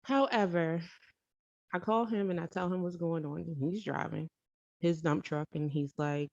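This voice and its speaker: A woman's voice: lowish voice, steady tone, moderate pace, creaky, a little mellow, no room sound. A woman telling a personal story in a casual, rambling way, correcting herself and adding emphatic asides. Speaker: storytelling vlogger. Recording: dull lo-fi dry recording.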